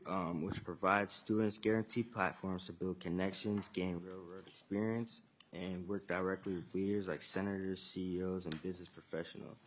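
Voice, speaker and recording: A man's voice: low-pitched, a little hiss or hum. A teenage boy, earnestly reading prepared testimony at a legislative hearing. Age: teens. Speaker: student testifier.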